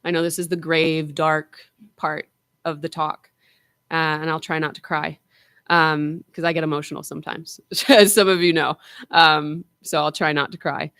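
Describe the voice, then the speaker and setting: A female minister gives a casual Buddhist dharma talk to her congregation in a low, slightly bright, clean voice with no room sound. She speaks conversationally, with lots of filler words, and slows down to emphasize points.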